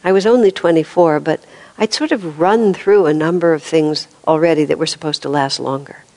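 A woman's voice: deep voice, normal speed, warm tone, low-quality recording. A woman in her seventies giving an informal spiritual talk, telling stories with laughs and restarts. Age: 70s. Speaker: spiritual teacher.

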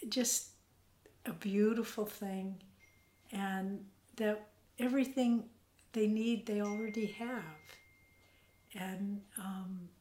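An older woman gently and earnestly telling a personal spiritual story in an interview, at times dropping to a whisper. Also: medium pitch. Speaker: interviewee, spiritual community member. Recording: roomy echo.

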